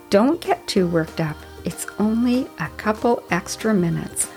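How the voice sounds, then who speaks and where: A woman in her late fifties speaks in a middle-pitched voice, talking casually and earnestly as she shares a personal story. She lands on gentle advice, and soft music plays faintly behind her. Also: lively intonation, unhurried. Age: 50s. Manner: chatty, earnest, gently advising. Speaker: podcast host. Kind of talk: reflective solo storytelling.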